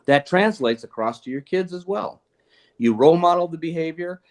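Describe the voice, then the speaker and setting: An older man, a retired police chief, talking casually and earnestly about leadership and parenting. He tells stories with an animated delivery, laughs often and restarts his sentences. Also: on the high side, moderate pace. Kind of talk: casual conversational storytelling.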